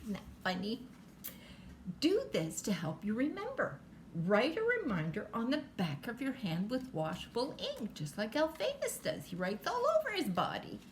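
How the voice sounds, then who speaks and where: A woman's voice: fairly high pitch, wildly swooping pitch, moderate pace, a little hiss or hum. An older woman reading a bedtime storybook aloud, stopping for chatty asides to the child listening.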